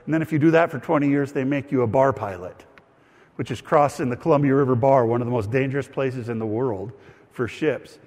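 A man's voice: mid-range voice, fairly quick, a little mellow, in a large hall. A man, a pastor, telling a personal story in a sermon with a conversational, self-deprecating style.

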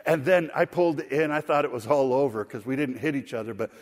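A middle-aged pastor preaches with a folksy, animated storytelling manner and breaks into easy laughter. His mid-pitched voice rings out with a long reverb tail, as if it were filling a church sanctuary. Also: a little fast. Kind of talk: sermon with storytelling.

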